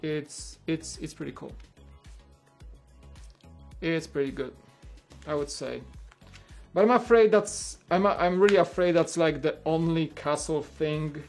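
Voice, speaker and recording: Soft music plays as a man with a slightly high voice talks a little slowly on his casual livestream. He rambles, filling his speech with "like" and repeatedly starting over.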